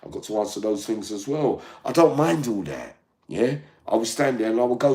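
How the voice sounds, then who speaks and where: A man's voice: lowish voice, big pitch swings, brisk, dark tone, echoey room. An older man hosting his own channel, delivering a profane, combative monologue to viewers and often demanding "yeah?". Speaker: online channel host.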